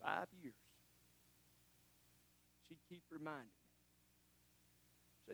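A male preacher, delivering a sermon that swings from shouts to hushed, emotional asides and calls the listeners honey. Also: very high-pitched, moderate pace, pauses often.

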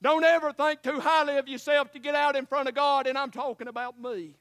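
High-pitched preacher, shouting sermon. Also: male voice, steady tone, brisk, no room sound, studio quality. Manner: swings from shouting to hushed, tearful asides, calls listeners honey.

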